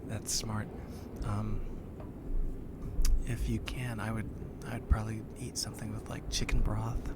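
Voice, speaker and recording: A man hosting a whispered ASMR live chat, talking softly with his viewers. He is a bit congested. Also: fairly low pitch, level tone, unhurried, heavy background noise. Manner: soft whispering, chatting with viewers. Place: lying down.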